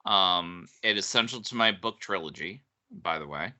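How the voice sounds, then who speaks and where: A man's voice: deep voice, normal speed, bright, forceful tone. A man co-hosting a podcast, chatting casually with frequent laughs and hesitations. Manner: laughs often, hesitant with ums. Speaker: podcast co-host and author. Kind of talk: casual chat.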